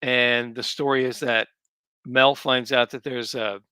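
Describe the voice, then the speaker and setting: A man's voice: medium pitch, little pitch movement, measured pace, pushed and bright, smooth, no room sound. A man, a comics writer, talking easily as a guest in a casual interview, thinking aloud as he goes. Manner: easygoing, thinks aloud with ums.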